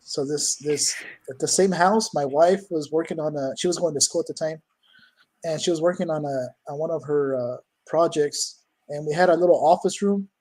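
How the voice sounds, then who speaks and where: A man with a fairly high voice tells ghost stories in a loose, animated way. He jumps into his own quoted lines with sudden emphasis, then drops back to easy chat. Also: moderate pace, rough recording. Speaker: guest, cryptid hunter. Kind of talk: casual storytelling interview.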